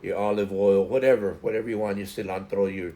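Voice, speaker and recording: Chatting casually to his stream viewers, a middle-aged host rambles, full of fillers and repeated words. He talks fast yet sounds mellow, his lowish voice keeping a steady tone.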